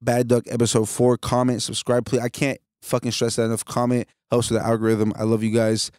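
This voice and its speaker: A man's voice: mid-range voice, monotone, fairly quick, a little mellow, no room sound, studio quality. A man hosting a casual podcast, talking in a laid-back, profane, joking way. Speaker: podcast host. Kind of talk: casual chat.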